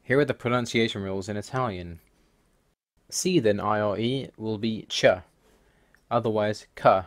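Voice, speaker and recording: A man's voice: on the low side, normal speed. A man host narrating a voice-over, methodically listing language rules one by one, wry and mildly exasperated. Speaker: language-learning video host. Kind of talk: explanatory voice-over over slides.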